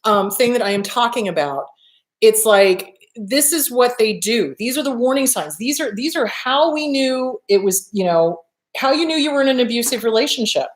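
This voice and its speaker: A woman's voice: on the high side, animated, moderate pace. A woman hosting a live advice talk, answering viewer questions in a blunt, emphatic way and swearing casually. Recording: roomy echo.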